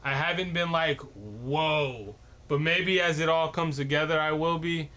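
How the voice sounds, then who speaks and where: A young man co-hosting a podcast in casual chat, halting, with stuttered restarts and fillers. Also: fairly high pitch, flat delivery, sharp tone. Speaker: podcast co-host.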